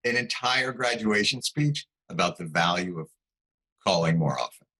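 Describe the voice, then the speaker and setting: A middle-aged man, a talk-show guest, trading wry, quick comic riffs in casual banter. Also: fairly low pitch, expressive, bright, forceful tone, rough recording.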